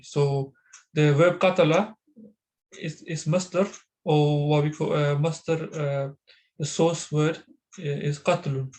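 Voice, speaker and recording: A man with a slightly raised pitch explains grammar in an online class. He speaks haltingly, often pausing on fillers and restarting words. The sound is that of a video call. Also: darkish tone, poor audio. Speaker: Arabic teacher.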